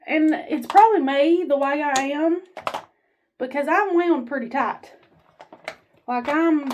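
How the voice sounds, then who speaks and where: Woman vlogger, high voice, blunt, folksy, rambling pep talk to camera. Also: a little hiss or hum. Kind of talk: candid motivational talk to camera. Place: standing while filming herself.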